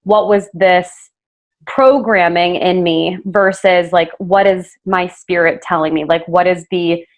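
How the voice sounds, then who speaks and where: A woman's voice: lowish voice, fairly even intonation, unhurried. A woman hosting a podcast interview, talking in an earnest, casual way with many fillers and self-corrections. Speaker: podcast host interviewing a guest.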